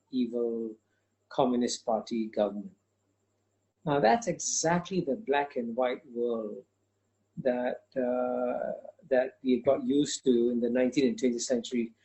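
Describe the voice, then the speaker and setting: A man with a mellow, warm-toned voice makes his case in an interview. He talks emphatically and insistently, doubling his words to drive a point home and refusing to be cut off. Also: mid-range voice. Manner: emphatic, insistent, repeats phrases for stress. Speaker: interview guest. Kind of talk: forceful argumentative interview answer.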